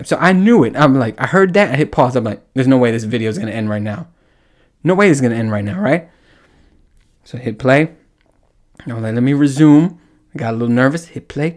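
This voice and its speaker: A man in the middle of his voice range, talking alone into the mic as a podcast host. He tells his story loosely and with lots of swearing, animated and prone to laughing at himself. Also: mid-range voice. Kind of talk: casual solo podcast monologue.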